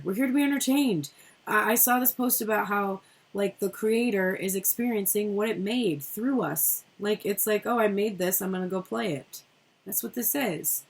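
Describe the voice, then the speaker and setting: A woman's voice: medium pitch, slightly rough. A middle-aged woman giving a casual tarot reading, chatty and rambling, who swears freely. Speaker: tarot reader.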